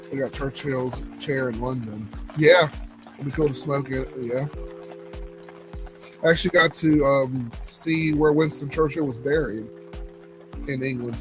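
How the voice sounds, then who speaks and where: A man's voice: mid-range voice, rough recording. A young man with a Southern US accent, hosting a casual cigar livestream and telling rambling stories full of fillers and restarts. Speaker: cigar lounge livestream host.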